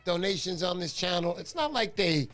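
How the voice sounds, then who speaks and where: A man's voice: high voice, very animated, moderate pace, a bit bright, soft background music. A middle-aged man hosting a casual livestream, joking and greeting viewers by name. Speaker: livestream host.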